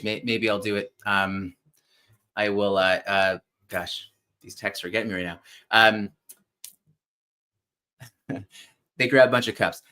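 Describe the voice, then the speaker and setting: A man hosting a casual live show, retelling a favorite story in an animated, chatty way with some offhand swearing. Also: lowish voice. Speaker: podcast host.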